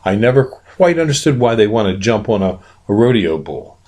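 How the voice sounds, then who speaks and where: Low-voiced man narrating. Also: very animated, moderate pace, a little mellow. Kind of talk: scripted narration.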